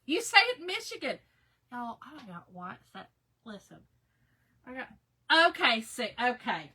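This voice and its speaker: A woman's voice: a little high, big pitch swings, a little slow, pushed and bright, husky. A woman with a Southern American accent, chatting casually with viewers on a craft livestream while she works, laughing often and greeting people by name. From Southern United States.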